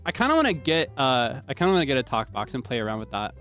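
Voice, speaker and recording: A man's voice: mid-range voice, very animated, fast, a bit bright, soft background music. A young man streaming, chatting casually and explaining things in a rambling way with lots of restarts.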